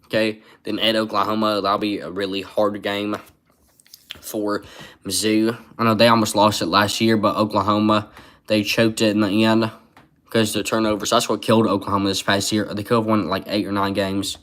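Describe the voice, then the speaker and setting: Low flat-voiced man rambling. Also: moderate pace. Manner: rambling, reads chat comments aloud. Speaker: sports livestreamer. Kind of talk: casual live-stream commentary.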